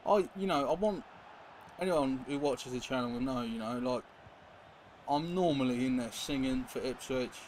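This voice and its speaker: A man's voice: mid-range voice, moderate pace, a little mellow. Chatty man over background noise. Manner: rambling, chatty, reacts to chat and game mid-sentence. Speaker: streamer. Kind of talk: casual live-stream chat while gaming. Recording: noisy background hiss.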